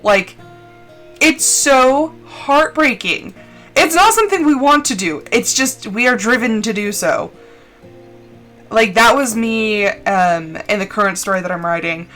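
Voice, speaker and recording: A woman streamer chatting casually and expressively while playing a game, full of fillers and quick laughs. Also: on the high side, expressive, fairly bright tone, soft background music. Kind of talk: casual chat while gaming on a live stream.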